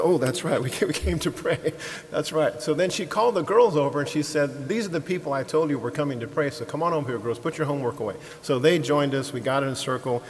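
Man preaching in a large echoing hall. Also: medium pitch. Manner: animated, acts out quoted voices, laughs easily; halting restarts and repeated words. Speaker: ministry leader. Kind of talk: sermon-style storytelling. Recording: long hall reverb, faint hiss.

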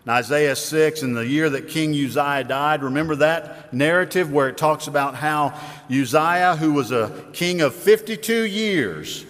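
A man delivers a sermon in a conversational, questioning manner, his voice a little higher than most. His words ring out with a long reverb, as though spoken in a large hall. He talks with listeners rather than at them. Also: a little slow, a bit bright. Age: adult with children. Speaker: preacher.

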